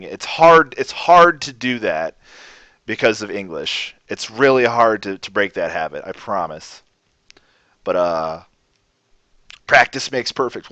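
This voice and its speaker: Man, mid-pitched and smooth-voiced, teaching casually on a stream; rambles, restarts, dry and muffled sound. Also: no room sound. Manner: relaxed, rambling, self-correcting. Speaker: language teacher. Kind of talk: casual livestream lesson. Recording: dull lo-fi stream audio.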